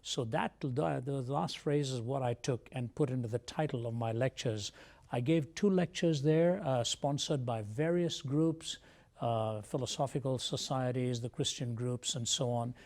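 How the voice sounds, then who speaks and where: As a guest on a TV interview, a man from India tells his story in a measured, earnest way. His middle-pitched voice has a gravelly edge and is a little mellow.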